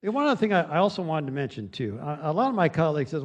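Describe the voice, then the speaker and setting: Male council member, slightly higher voice, folksy and halting floor speech. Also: sing-song. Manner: folksy, anecdotal, halting with restarts. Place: council chamber.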